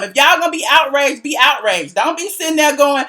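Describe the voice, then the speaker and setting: A woman's voice: high-pitched, animated, a little fast, few pauses, pushed and bright. A woman vlogger giving sassy, casual gossip commentary, repeating herself for emphasis and laughing between lines. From Atlanta, US. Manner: sassy, repetitive, laughing asides.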